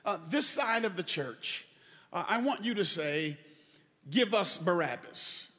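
Male preacher, high and animated, joking asides into shouted fervor, reverberant church. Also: measured pace. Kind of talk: sermon. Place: church sanctuary.

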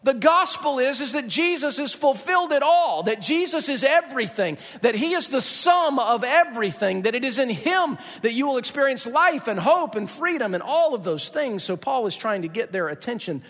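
A man preaches a sermon in an emphatic, conversational way and leans on dramatic pauses. His voice sits unusually high for a man. The sound carries a long reverb, as if it were recorded in a church sanctuary. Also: expressive, fairly bright tone. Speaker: pastor.

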